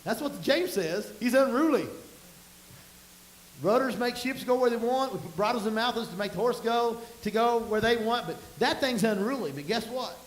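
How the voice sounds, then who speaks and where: Pastor, high voice, folksy sermon, booming room with faint hiss. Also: male voice, lively intonation, moderate pace, reverberant, rough recording. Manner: folksy storytelling, rising to emphatic bursts. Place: church sanctuary.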